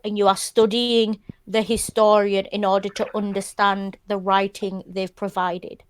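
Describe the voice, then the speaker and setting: A woman's voice: medium pitch, dry recording. A woman co-hosting a podcast panel, talking bluntly and swearing freely as she explains her view. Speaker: podcast co-host. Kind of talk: casual panel discussion.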